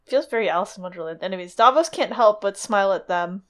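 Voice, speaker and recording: A woman with a mid-range voice retells a story in loose, casual podcast chat. She leans on fillers and quick asides as she goes. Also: medium pitch, animated. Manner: chatty, filler-heavy retelling. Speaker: podcast co-host.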